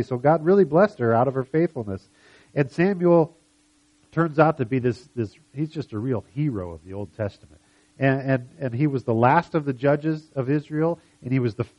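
A man's voice: medium pitch, muffled recording. A man teaching a Bible story in a casual, conversational way, quoting the people in it as he goes. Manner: conversational, retells scenes with quick quoted voices. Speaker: preacher.

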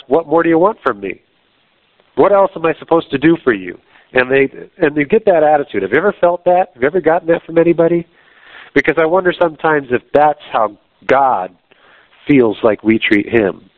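A man's voice: medium pitch, dry recording. A man preaching a sermon in a conversational, earnest way, often restarting his sentences. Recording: dry, tinny phone-like sound.

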